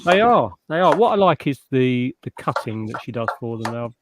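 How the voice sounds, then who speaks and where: A man's voice: medium pitch, normal speed, background noise. Chatty man hosting a live stream. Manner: chatty, matey, relaxed. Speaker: livestream host. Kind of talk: casual live chat.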